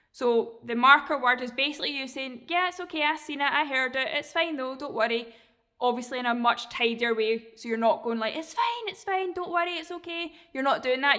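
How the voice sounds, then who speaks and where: A woman dog trainer explaining a training method in a relaxed, chatty way, sometimes acting out how a dog reacts. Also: a little high. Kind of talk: casual instruction.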